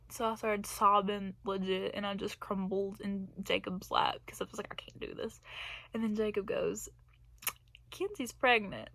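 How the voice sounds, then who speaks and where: Young woman, gravelly storytime chat. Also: medium pitch, bright, forceful tone, dry recording. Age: young adult. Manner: chatty, rambling, laughs between phrases. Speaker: vlogger. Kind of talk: casual storytime vlog.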